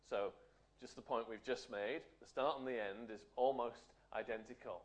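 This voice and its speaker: A man's voice: medium pitch, moderate pace. Man teaching, chatty with tag questions. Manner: conversational, frequent tag questions. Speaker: Bible teacher. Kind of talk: Bible study teaching.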